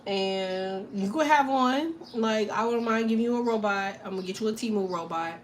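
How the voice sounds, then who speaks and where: A woman hosting a casual tarot livestream, delivering a profane, animated comedic rant and laughing often. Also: mid-range voice, normal speed, slight background noise.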